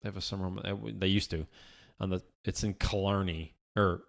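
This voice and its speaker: A man's voice: low-pitched, fairly even intonation, brisk. A man co-hosting a podcast in an office, chatting casually and rambling with lots of restarts and the odd swear. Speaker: podcast co-host. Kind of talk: casual chat.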